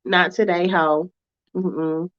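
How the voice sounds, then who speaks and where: A woman's voice: lowish voice, steady tone, slow, highs cut off. A woman casually telling a fan-fiction story in a chatty, slangy way with many asides.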